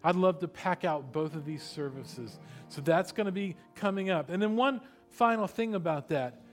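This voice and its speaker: Pastor guy wrapping up a sermon, kinda high voice, prays soft then gets all upbeat for announcements, faint music behind. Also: moderate pace. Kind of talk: sermon closing and church announcements.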